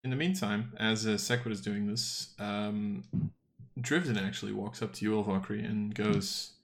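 A man's voice: lowish voice, fairly even intonation, normal speed, gravelly. A man narrating a tabletop game as game master, casual and full of fillers.

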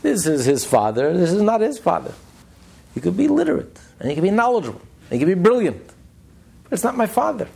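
A calm old-time village teacher, plain and matter-of-fact, as a man puts him on in a lecture. His husky voice jumps up high on his points. He explains patiently. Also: a little fast, full character voice. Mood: explaining.

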